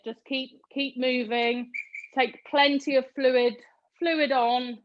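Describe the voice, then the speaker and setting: A high-pitched British woman coaches a live online workout class, counting down reps and urging her students on in an unhurried way. The audio is slightly dull and lo-fi, like a video call. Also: little pitch movement. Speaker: fitness instructor.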